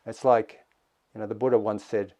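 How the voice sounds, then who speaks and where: A man giving a dharma talk as a meditation teacher, in a slow, reflective way with thoughtful pauses. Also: on the low side, level tone, mellow.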